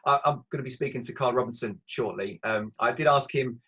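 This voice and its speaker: A man's voice: mid-range voice, brisk, pushed and bright, poor audio. A man interviewing a guest, talking in a conversational, thoughtful way. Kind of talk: casual interview.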